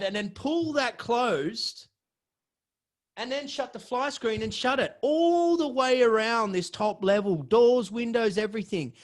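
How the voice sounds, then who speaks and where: Swearing, excitable high-voiced man. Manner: profane, excitable, swings from low mutters to loud outbursts. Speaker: podcast host. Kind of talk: storytelling monologue.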